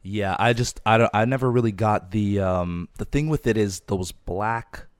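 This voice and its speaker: A man's voice: on the low side, moderate pace, clear, resonant tone, no echo, studio quality. A man hosting a podcast, chatting casually about cars and rambling a little with fillers. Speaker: podcast host. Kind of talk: casual car chat.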